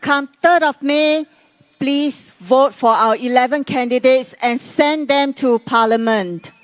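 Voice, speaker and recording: A rally co-emcee with a fairly high voice calls out to an outdoor crowd. The speech is dry and close to the microphone. The delivery is a call-and-response announcer's style. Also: slow, clean tone, dry recording.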